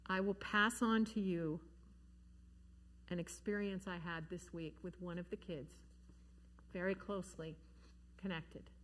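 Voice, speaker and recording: A woman giving an earnest, gentle talk to parents about grief at a church forum, slowing down to stress key words. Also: fairly low pitch, steady tone, a little hiss or hum. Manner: gentle, earnest, slows down for emphasis. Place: church hall.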